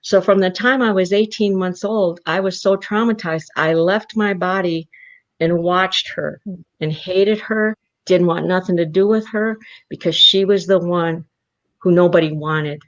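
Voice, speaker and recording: A woman from South Dakota's Rosebud Reservation, speaking in a lowish, unhurried voice, appears as a guest on an interview show. She tells a personal story as an animated storyteller, acting out the voices of the people in it, though the audio is muffled and lo-fi.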